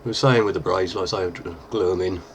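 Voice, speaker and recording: A deep-voiced man, chatting casually through a makeup tutorial with plenty of fillers. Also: fast talker, slight background noise. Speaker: lookalike performer giving a tutorial.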